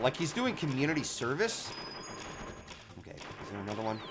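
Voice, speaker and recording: A man with a fairly low voice rambles through casual gameplay commentary, his pitch swinging up and down as he talks. He swears freely when the game goes badly. Game music plays clearly underneath him. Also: sing-song, a little fast. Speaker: streamer playing a video game.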